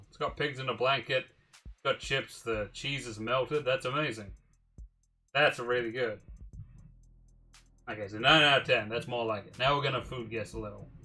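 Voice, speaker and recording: A man's voice: mid-range voice, moderate pace, bright, forceful tone, soft background music. A man streaming a game, musing aloud in a casual, mildly profane way. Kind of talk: casual livestream commentary.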